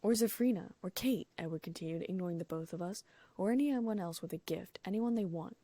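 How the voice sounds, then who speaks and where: A woman's voice: on the low side, a little fast, warm tone, no room sound. A woman narrating a first-person audiobook, reading the dialogue in her own voice with small lifts for each character.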